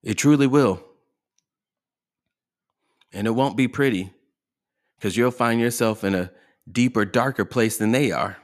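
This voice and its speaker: With a mid-range voice, a man hosts a motivational podcast at an unhurried pace, leaving long pauses. He speaks emphatically and poses rhetorical questions to his audience.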